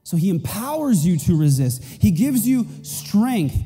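A man's voice: sits high, big pitch swings, unhurried, dark tone, breathy edge, in a large hall, faint music behind. A man preaching a sermon as pastor, emphatic and repeating his key points. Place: church auditorium.

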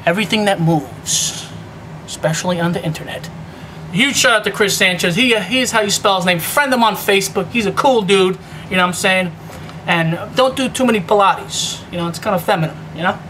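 A man giving casual vlog shout-outs in a hyped, joking, streetwise patter, repeating "you know what I'm saying". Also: high-pitched, a little fast, a little hiss or hum.

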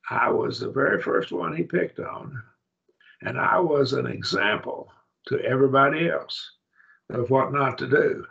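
An older man teaching a Bible class in a folksy, unhurried way, with frequent fillers and restarts. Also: mid-range voice, gravelly, a bit bright. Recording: dull lo-fi recording.

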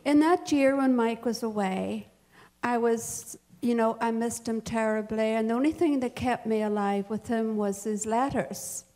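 A woman's voice: fairly high pitch, measured pace, darkish tone. An older woman telling a family story at a church service, chatty and often laughing. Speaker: church speaker. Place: church hall.

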